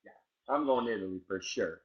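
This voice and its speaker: Talking fairly quickly in a lowish voice, a male podcast co-host keeps things casual and calls out to listeners by name with enthusiasm. The audio is muffled and lo-fi.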